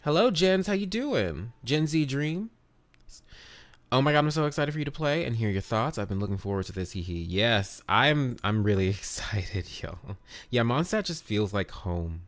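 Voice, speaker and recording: A man's voice: medium pitch, moderate pace, a bit bright, no room sound. A man streaming a video game live, chatting casually and upbeat, greeting viewers by name and swearing now and then.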